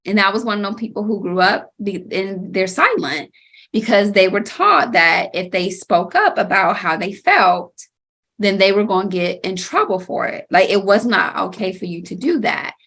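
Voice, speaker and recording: A woman's voice: medium pitch, animated, normal speed, husky. A woman hosting an interview, reflecting earnestly and affirming her guest with frequent murmurs. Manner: warm backchannelling, earnest and reflective. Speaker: host. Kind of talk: conversational interview.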